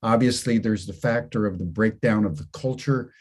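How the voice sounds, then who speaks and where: A man's voice: lowish voice, moderate pace, a little mellow, slightly rough. A man hosting an interview who asks questions hesitantly, repeating words as he works them out. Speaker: host. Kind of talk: interviewing a guest.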